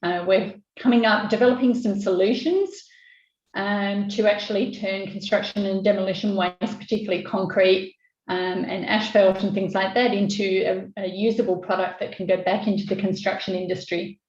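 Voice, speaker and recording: A woman, a business owner, explaining her work hesitantly with many pauses over a video call. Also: mid-range voice, steady tone, darkish tone. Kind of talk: casual chat. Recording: echoey dull video-call audio.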